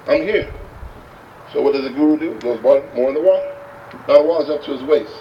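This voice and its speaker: A man giving a motivational talk, telling a story with animated delivery and acting out the characters, recorded from a distance with dull sound. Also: medium pitch, fast. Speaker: motivational speaker. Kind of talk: storytelling speech. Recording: distant, dull, faint hiss.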